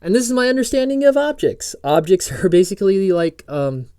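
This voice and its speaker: Casting: male coding instructor, mellow dry voice, rambling and jokey, reads docs aloud. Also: high-pitched, very animated, a little fast, clear, resonant tone, no echo. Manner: rambling, self-interrupting, jokey asides while reading docs aloud. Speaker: programming course instructor. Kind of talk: casual screen-recorded tutorial.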